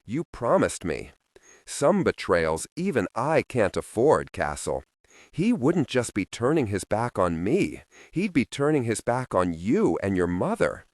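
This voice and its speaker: Hot-tempered mob boss, voiced by a male narrator, loud and threatening, heavy swings in tone. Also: on the low side, very animated, unhurried, dry recording, clean studio sound. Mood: menacing. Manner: yelling, blustering, menacing.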